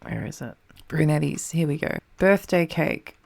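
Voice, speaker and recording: A woman's voice: sits low, expressive, moderate pace, vocal fry, a little mellow. A young Australian woman giving casual, frantic commentary while playing a map game, swearing under her breath.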